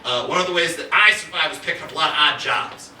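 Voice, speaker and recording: A man's voice: fairly high pitch, fast talker, pushed and bright, slight background noise. A middle-aged man doing a crude, brash stand-up comedy set on a comedy club stage. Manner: brash, crude, acts out quoted voices. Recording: roomy club sound heard from a distance, audience laughter.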